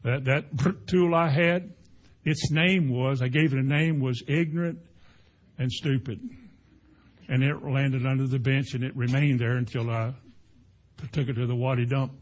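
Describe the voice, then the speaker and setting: A man's voice: mid-range voice, a little slow. A man preaching a conversational sermon, telling homely stories with playful sound effects. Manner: folksy, animated storytelling with sound effects. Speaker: pastor.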